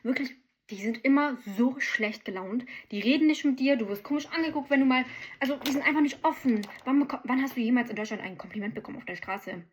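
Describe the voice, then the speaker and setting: A woman's voice: high-pitched, fast talker, lo-fi sound, a little hiss or hum. A young woman chatting straight to her viewers in a casual vlog, ranting and telling a travel story.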